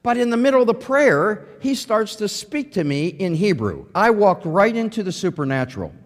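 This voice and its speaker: A man's voice: high voice, normal speed. A man telling a humorous personal faith testimony, acting out the quotes as he goes. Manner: animated storytelling with acted-out quotes. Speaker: testimony speaker. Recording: long hall reverb.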